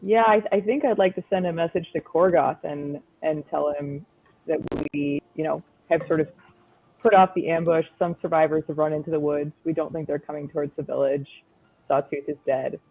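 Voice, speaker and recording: A man playing a tabletop game who speaks in a hesitant, halting way. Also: a little high, steady tone, gravelly, darkish tone, breathy edge, rough recording. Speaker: player.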